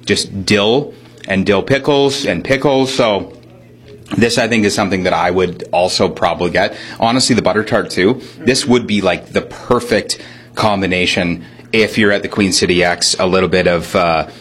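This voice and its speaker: A man reporting for radio, chatting casually as he tastes fair food and describes every bite out loud. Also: low-pitched, normal speed. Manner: chatty, upbeat, describes aloud while chewing. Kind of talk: casual on-location food tasting chat.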